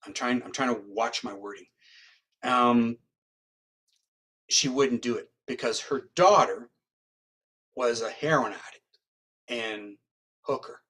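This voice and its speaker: A man from Canada, a guest in an interview, telling a long story in a rambling, animated way and acting out what others said. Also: mid-range voice, slow pace, long pauses, husky. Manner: rambling, acts out quoted dialogue.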